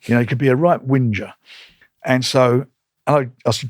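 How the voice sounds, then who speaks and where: A man's voice: mid-range voice, a little fast, no room sound, clean studio sound. Blunt older man telling stories. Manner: blunt, animated, re-enacts conversations in quotes. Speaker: boxing promoter, guest. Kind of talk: casual interview storytelling.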